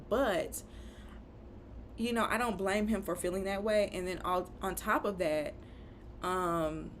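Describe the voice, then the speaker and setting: A woman's voice: fairly low pitch, slight background noise. A woman giving a chatty, opinionated recap of a reality show, full of rhetorical questions and asides. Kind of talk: casual recap rant.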